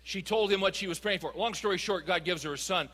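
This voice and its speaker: A man delivers a sermon in a bright, ringing voice that sits high for a man. He speaks emphatically and keeps asking the congregation questions. His words carry a long reverb, as in a large hall. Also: fast talker. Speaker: pastor.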